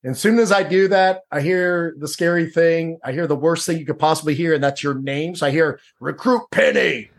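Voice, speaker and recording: Casual, slightly high-voiced man telling a story. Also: steady tone, fairly quick, hardly any pauses. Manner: casual, repeats words, says "dude" and "like". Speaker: podcast guest. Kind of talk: storytelling interview.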